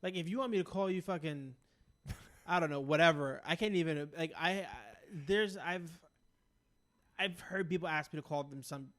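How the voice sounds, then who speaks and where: A man's voice: a little high, moderate pace, a bit bright. A man co-hosting a podcast, reading news aloud and chatting bluntly with jokes and swearing. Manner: blunt, joking, swears freely. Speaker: podcast co-host.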